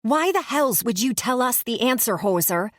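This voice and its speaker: A woman's voice: a little high, expressive, moderate pace, no echo, clean studio sound, pitched above the performer's own voice, lightly acted. Woman doing a scornful Canadian competitor. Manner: taunting, scornful.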